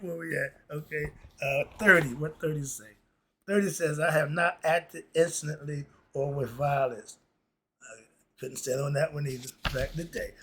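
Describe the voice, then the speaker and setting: Host, male, gravelly voice, slangy laid-back chuckling reader, faint hiss behind. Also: mid-range voice, a bit bright. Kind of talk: casual commentary reading principles aloud.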